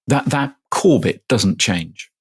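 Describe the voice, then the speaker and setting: A man's voice: lowish voice, animated, slow pace, slightly rough. A middle-aged man, a professor, answering interview questions casually and explaining step by step with everyday examples. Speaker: guest, manufacturing professor.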